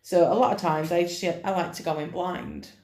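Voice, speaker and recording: A woman's voice: lowish voice, fairly even intonation, normal speed, a little mellow. A woman co-hosting a casual podcast, laid-back and wry. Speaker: podcast co-host. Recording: echoey room.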